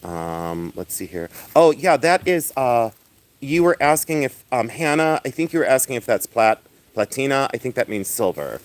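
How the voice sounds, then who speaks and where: Host: flamboyant man, loud and chatty, live-streaming from outdoors, mid-pitched voice, laughs a lot. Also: big pitch swings, normal speed. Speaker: livestream host selling and showing jewelry. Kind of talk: casual livestream chat. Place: outdoors in the sun.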